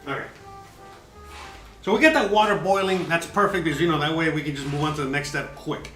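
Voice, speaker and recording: A man's voice: a little high, brisk, bright, forceful tone, reverberant, faint music behind, low-quality recording. A man hosting a casual live cooking demo, chatty and joking, filling his talk with "you know". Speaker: cooking show host. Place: home kitchen.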